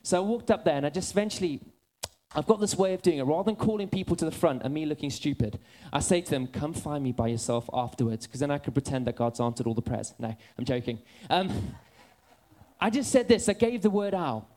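Warm-voiced man preaching. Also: on the high side, animated, a little fast. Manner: humorous, self-deprecating storytelling. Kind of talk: sermon. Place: church.

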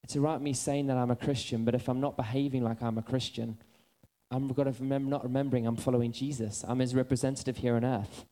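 A man preaching a sermon, telling funny stories about himself and then easing into soft, earnest appeals. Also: medium pitch, quick pace. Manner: animated storytelling, drifting into soft earnest appeals.

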